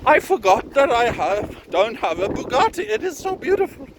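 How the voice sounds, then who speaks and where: On a windy beach, a tired man in his thirties walks and vlogs casually, slightly out of breath, with a very high voice that swings widely in pitch at normal speed. He rambles in a jokey, profane, mock-grand style while wind rushes over his phone mic.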